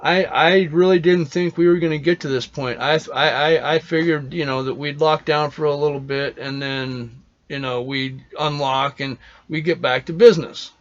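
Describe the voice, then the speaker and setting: A man's voice: a little high, fairly even intonation, normal speed, hardly any pauses, lo-fi sound. A man hosting a casual show, rambling through opinions in a loose monologue, swearing often and restarting his sentences. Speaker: podcast host.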